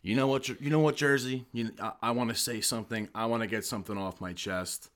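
Man, young, from the US, podcast guest, brash, swearing, mid-pitched voice. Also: fairly even intonation, quick pace, fairly bright tone. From United States. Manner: brash, profane, boisterous. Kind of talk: casual podcast storytelling.

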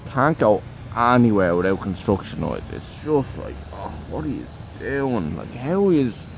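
A man with a medium-pitched, unhurried voice and vocal fry hosts a podcast over poor audio. Seated under cover outside a café in the rain, he rants casually, swearing and complaining through animated stories as traffic and construction roar nearby.

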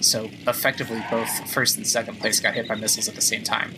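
A man hosting a gaming podcast, chatting excitedly and thinking aloud as he plays. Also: fairly low pitch, fast, noisy background. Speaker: podcast host playing a video game. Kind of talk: casual let's-play commentary. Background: game music.

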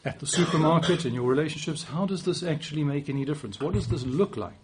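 A man's voice: fairly high pitch, animated, fast, a little hiss or hum. A man in his forties with a South African accent, giving a conversational sermon with occasional restarts and light self-deprecating humor. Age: 40s. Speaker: preacher.

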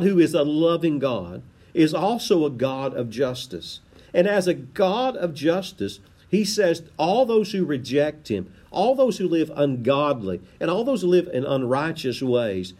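A passionate preacher delivers a sermon in a voice pitched a little high for a man. His pitch swings widely, rising for calls and dropping low for solemn lines. He often repeats words as he builds toward a point. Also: dark tone. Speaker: pastor.

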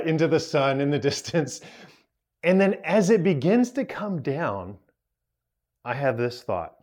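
A man in his forties giving a storytelling talk as a youth speaker, animated and poking fun at himself as he laughs through it. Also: a little high. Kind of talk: storytelling talk to a young audience.

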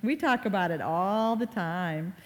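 Woman, 40s, storyteller, acts out quotes, mid pitch, echoing hall. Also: animated, measured pace. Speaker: speaker on online reputation. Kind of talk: talk to a live audience. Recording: reverberant hall.

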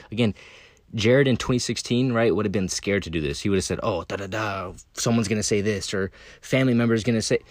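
A man's voice: fairly low pitch, dry recording, clean studio sound. A man hosting a podcast, talking casually and bluntly, swearing freely and often tacking on "right?" and "again". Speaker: podcast host. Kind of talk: casual monologue.

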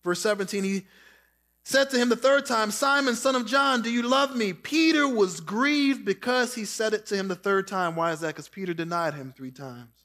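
A man preaching a sermon, reading scripture and acting out quoted lines, dropping soft and slow for tender words. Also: high-pitched. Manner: preaching with dramatic quoted voices, drops soft for Jesus' words. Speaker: pastor.

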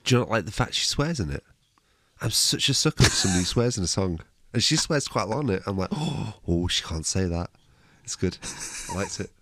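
A man's voice: lowish voice, expressive, quick pace, fairly bright tone, slight background noise. A man hosting a music podcast, leading casual chat with teasing, jokey banter. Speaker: podcast host.

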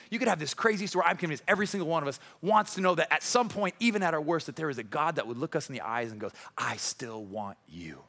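A man preaching a sermon in an animated way, acting out the voices of people from the story. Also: fairly high pitch. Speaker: pastor.

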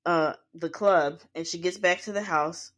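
A woman's voice: lowish voice, fairly even intonation, unhurried, a bit bright. A woman hosting a podcast, casually recapping a reality show episode, swearing freely and acting out what the cast said.

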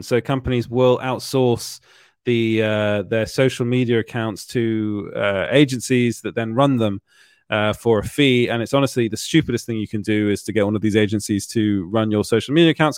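A man's voice: mid-range voice, normal speed, no echo. A young British man hosting a casual show, telling rambling anecdotes full of restarts and laughs. His voice sits in a middle register. The sound is close and dry, with no room around it. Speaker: podcast host. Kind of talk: casual chat.

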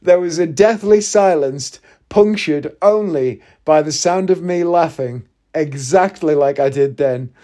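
A man in his forties telling funny personal stories in a casual, chatty way, breaking into loud laughter often. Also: fairly high pitch, unhurried. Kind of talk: casual storytelling monologue.

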